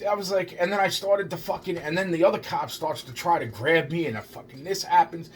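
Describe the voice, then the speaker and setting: A man's voice: fairly high pitch, a little fast, slight background noise. A man telling a rambling first-person story, agitated and full of profanity, repeating himself as he goes. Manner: heavily profane, agitated, repetitive.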